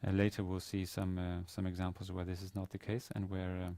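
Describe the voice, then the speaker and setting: A man teaches a university class on classical Arabic grammar in a recorded lecture, explaining step by step with frequent fillers and restarts. His deep, dark voice is completely flat and a little fast, and the recording is dry.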